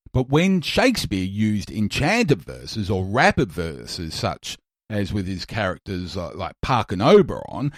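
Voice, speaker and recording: A male podcast host talks in a low voice with plenty of up-and-down inflection. He explains things thoughtfully and pushes his voice from the chest. The sound is dry and close, from a studio mic. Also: wildly swooping pitch, measured pace, dry recording. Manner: reflective, explanatory, pushes voice hard. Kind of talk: casual podcast monologue and chat. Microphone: studio mic, gain turned down.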